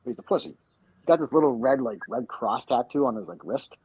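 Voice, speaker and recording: A man's voice: medium pitch, animated, a little fast, a little mellow, a little hiss or hum, rough recording. A man hosting a podcast, telling a rambling, profane and spiteful story in crude casual banter. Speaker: podcast host.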